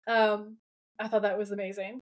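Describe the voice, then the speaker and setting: A woman's voice: medium pitch, level tone, moderate pace. A woman co-hosting a podcast, chatting casually as she retells a TV episode, quoting characters with plenty of swearing. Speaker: podcast co-host. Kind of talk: casual chat recapping a TV episode.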